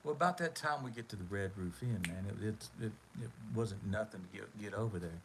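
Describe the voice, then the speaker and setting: A man telling a rambling, animated story on a livestream. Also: on the low side, fairly quick, slight background noise. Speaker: livestream host. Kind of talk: casual storytelling.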